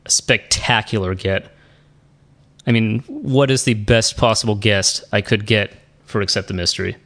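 A man's voice: fairly low pitch, steady tone, normal speed, a bit bright. A man hosting a podcast, talking casually and poking fun at himself, often trailing off and restarting. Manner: chatty, self-deprecating, trails off and restarts. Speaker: podcast host. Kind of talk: casual podcast chat and solo wrap-up.

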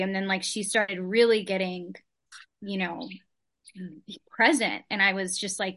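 A woman's voice: medium pitch, fairly even intonation, normal speed, a bit bright. A woman in a study group telling a personal story in an earnest, chatty way, full of "like"s.

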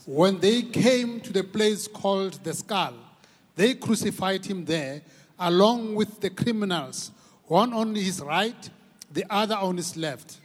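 High-voiced South African pastor preaching. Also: male voice. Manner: repetitive, rising to shouts for emphasis. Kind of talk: impassioned sermon. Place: large church hall. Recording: long reverb of a large church hall.

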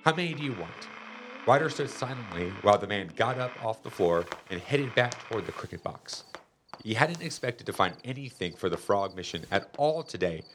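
A man reading a children's chapter book aloud in a lively, expressive storytelling manner. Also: on the low side, normal speed. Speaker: storybook reader. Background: music.

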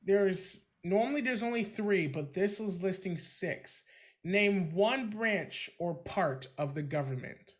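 A man co-hosting a radio show, playing a casual quiz game, animated and laughing often, swearing freely. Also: high voice, takes it slowly.

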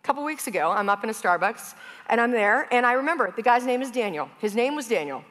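A woman's voice: on the high side, lively intonation, fast, a bit bright. A woman pastor giving a conversational sermon, telling stories in a chatty way with casual fillers. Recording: long hall reverb.

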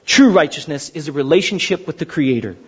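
Man, pastor, sermon, high voice, dull recording, long hall reverb. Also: a little fast, slightly rough. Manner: animated storytelling, acts out biblical characters.

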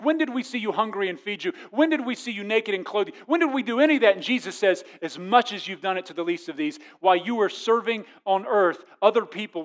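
A male pastor preaching a sermon, animated, acting out quoted voices and swinging from loud exclamations to quiet asides. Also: high voice.

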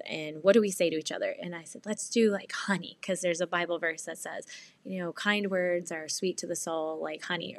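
A woman in her thirties talks through a family story in casual vlog chat, laughing now and then. Her voice sits on the low side for a woman. The recording is close and dry, with no room sound. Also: no echo. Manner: chatty storytelling with frequent laughs. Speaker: mom vlogger.

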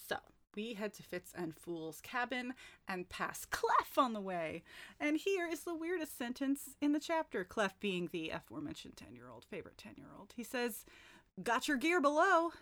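A woman's voice: mid-range voice, big pitch swings, moderate pace, fairly bright tone. A woman recapping a book chapter for friends in a casual, joking way, with wry asides. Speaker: book podcast host.

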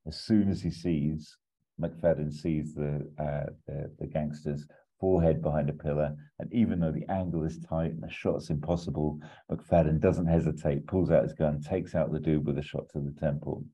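A man hosts a podcast and casually pitches a film plot, rambling, laughing and swearing as he goes. His voice is extremely deep, dark and husky. The audio sounds dull and lo-fi. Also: steady tone, normal speed.

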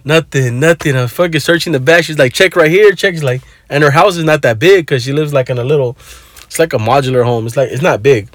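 On a dry phone recording, a man with a mid-range voice speaks at a quick pace. The vlogger spins a rambling, casual story, cursing freely in a laid-back way and slipping in Spanish words.

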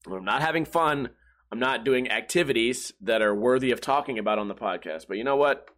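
A man's voice: mid-range voice, expressive, brisk, a bit bright. A man hosting a casual podcast from home, ranting and joking with lots of swearing and exaggerated storytelling. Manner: profane, joking, exaggerated storytelling with mock voices. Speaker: podcast host. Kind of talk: casual comedic podcast rant. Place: home room.

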